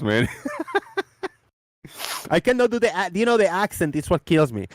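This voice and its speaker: A man's voice: high-pitched, big pitch swings, normal speed, long pauses, no echo. A man hosting a live-stream debate chat, rambling and repeating his phrases. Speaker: host.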